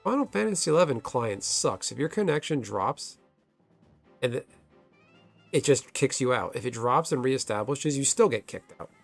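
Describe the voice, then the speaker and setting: A man at a middle pitch streams a game and rambles through a long story. He curses whenever his connection drops. Faint music plays behind him. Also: lively intonation, moderate pace, creaky. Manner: rambling storyteller, swears when the game crashes. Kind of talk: casual chat while gaming.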